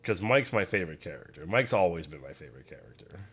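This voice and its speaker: A man's voice: sits low, animated, quick pace, fairly bright tone, husky. Chatty young man streaming. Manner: rambling, chatty, self-deprecating. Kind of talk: casual chat while painting on stream. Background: faint music.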